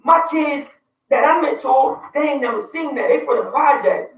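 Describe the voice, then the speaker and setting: A man's voice: very high voice, moderate pace, reverberant, recorded from a distance, low-quality recording. A man with a Baltimore accent co-hosting a radio talk show, speaking passionately and building to emphatic points like a preacher. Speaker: radio show co-host and youth mentor.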